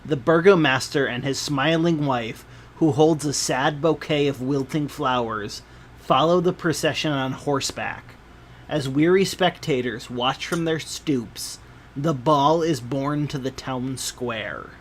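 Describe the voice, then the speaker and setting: Slow, measured man narrating a game. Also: mid-range voice, a little hiss or hum. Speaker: game master.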